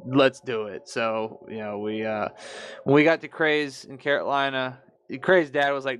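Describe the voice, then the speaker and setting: A man on a casual podcast chat, telling a story in an animated, profane way. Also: mid-range voice, normal speed, a little hiss or hum. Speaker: podcast co-host.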